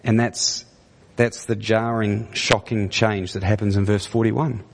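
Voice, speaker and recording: Speaking at a measured pace, a preacher with a husky, fairly low voice and little pitch movement delivers a conversational sermon. A long echo fills the church hall. He repeatedly stumbles and restarts, then rises into emphatic, pointed questions.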